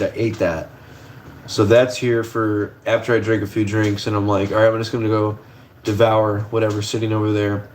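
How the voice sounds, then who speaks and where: Young man with a lowish voice, laid-back livestream host rambling from his kitchen stove, casual swearing, faint background hum.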